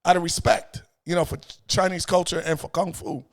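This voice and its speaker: A middle-aged man, telling stories as an interview guest in an animated way, repeating phrases and acting out voices. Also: a little high, brisk. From New York. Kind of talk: casual storytelling chat.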